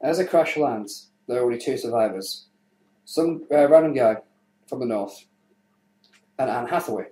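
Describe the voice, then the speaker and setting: A young man co-hosting a podcast, telling crude jokes in a casual, animated way. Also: medium pitch, moderate pace, long pauses. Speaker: podcast co-host. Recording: roomy echo.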